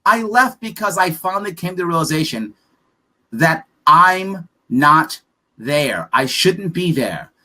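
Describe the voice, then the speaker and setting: A man's voice: fairly high pitch, very animated, measured pace, pushed and bright. A man being interviewed on a podcast as a political candidate, talking emphatically and bluntly, firing off rhetorical questions. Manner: profane, frank.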